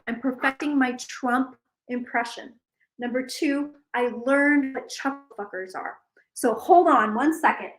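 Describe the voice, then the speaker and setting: A woman's voice: high voice, a bit bright, poor audio. A woman psychic vlogger chatting casually and rambling to her viewers, swearing freely.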